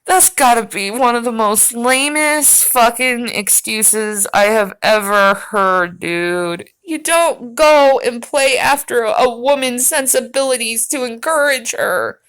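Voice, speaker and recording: A woman with a high, bright voice talks back at a video during a stream. She rambles, swears freely and speaks straight to the man she is watching. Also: takes it slowly, hardly any pauses, clean tone. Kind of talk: casual reaction commentary.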